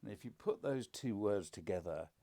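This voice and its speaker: An older man, a father co-hosting a podcast, talks in a low, deep voice during a relaxed, casual conversation. He tells stories reflectively at a moderate pace, dropping dry, self-deprecating jokes along the way.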